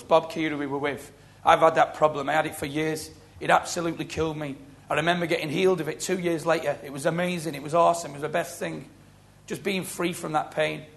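A middle-aged man preaching a sermon, telling stories with lively quoted voices. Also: fairly high pitch, creaky. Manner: storytelling, animated, acting out quoted voices. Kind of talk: sermon with testimony.

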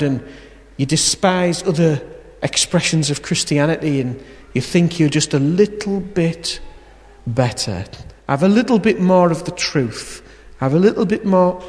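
Preacher in a reverberant hall. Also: male voice, a little high, moderate pace. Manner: lively, swings from loud emphasis to quiet intimacy. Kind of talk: sermon with storytelling.

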